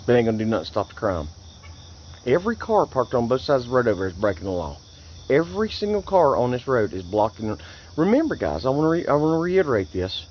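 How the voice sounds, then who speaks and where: A man's voice: medium pitch, very animated, quick pace, darkish tone, a little hiss or hum, poor audio. A man filming outside by a road, angrily and repeatedly complaining. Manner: angry, indignant, repetitive complaining. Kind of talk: ranting phone vlog.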